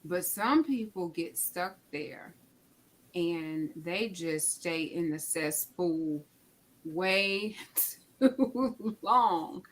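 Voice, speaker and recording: A woman's voice: on the low side, lively intonation, extremely slow, rough recording. A woman hosting a casual conversation and speaking reflectively about personal experience. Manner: reflective, personal, acts out remembered dialogue. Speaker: host.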